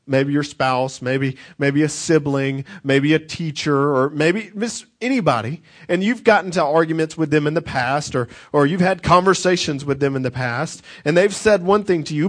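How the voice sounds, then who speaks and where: High-voiced man preaching conversationally. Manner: conversational preaching with repeated restarts and acted-out quotes. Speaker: pastor. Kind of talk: sermon.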